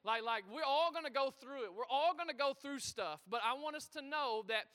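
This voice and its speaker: A pastor with a very high voice preaches to his congregation a little fast, energetic and full of call-and-response. The church auditorium gives the recording a reverberant hall sound.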